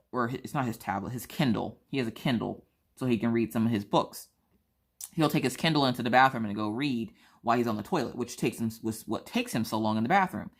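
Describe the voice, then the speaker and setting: Woman in her 30s just chatting about her family, doing everyone's voices, real lively. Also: extremely low pitch. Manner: animated, acts out family members' voices. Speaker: vlogger. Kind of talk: casual storytelling chat.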